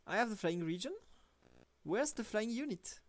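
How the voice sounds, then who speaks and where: A woman's voice: mid-range voice, animated, moderate pace, no echo. A woman streaming a game live, thinking aloud and teasing both herself and the game. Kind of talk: live gameplay commentary.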